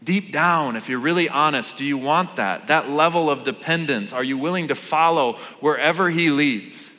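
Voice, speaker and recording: A man in his thirties preaching a sermon, conversational and animated, asking the congregation questions. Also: a little high, normal speed, big-room sound. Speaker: pastor. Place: church auditorium.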